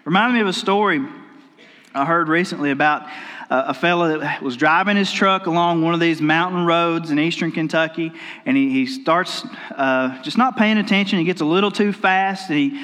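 A man preaches a sermon in a folksy, storytelling way, often circling back to restart his sentences. His voice sits high for a man. It rings with the long reverb of a church hall. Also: normal speed, pushed and bright. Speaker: pastor. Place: church sanctuary.

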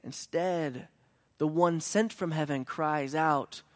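A man preaching a sermon as a pastor, telling a story that swings between hushed lines and emphatic ones. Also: a little high, slow pace.

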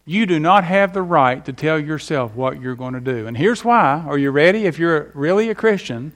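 A man's voice: a little high, lively intonation, normal speed. A middle-aged man preaching a sermon with emphatic delivery and folksy stories. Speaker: pastor.

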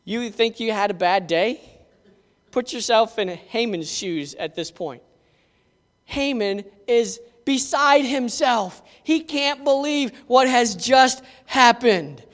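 A man preacher with a strikingly high, bright and clear voice, retelling a Bible story in an animated, conversational way. He turns to the listeners with asides. A long hall reverb trails behind his words. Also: slow pace. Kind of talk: dramatic Bible storytelling sermon.

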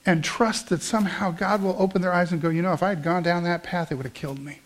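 High-voiced pastor, soft storytelling. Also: male voice, brisk. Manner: storytelling, voice drops soft for quoted calm lines, rises when praying. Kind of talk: sermon with closing prayer.

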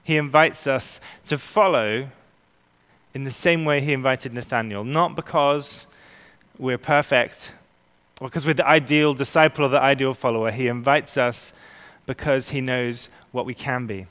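A man preaching a sermon as pastor, earnest and emphatic, slowing down to stress key words. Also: medium pitch, fairly even intonation, a bit bright, clean tone. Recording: long reverb of a large hall.

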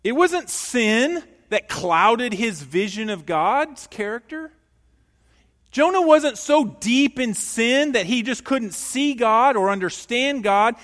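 A male pastor preaching a sermon, emphatic and animated, asking the congregation questions in a church. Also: extremely high pitch, slow, long reverb tail.

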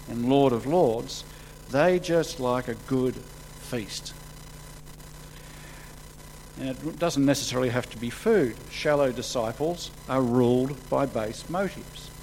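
A man preaching a sermon, acting out the quotes he reads with sudden rises in pitch and volume. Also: slight background noise, poor audio. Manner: animated, acts out quotes with sudden jumps in pitch and loudness.

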